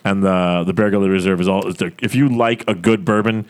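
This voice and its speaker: A man's voice: deep voice, steady tone, fairly quick. A man hosting a casual group podcast, rambling with lots of fillers and poking fun at himself. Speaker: podcast host.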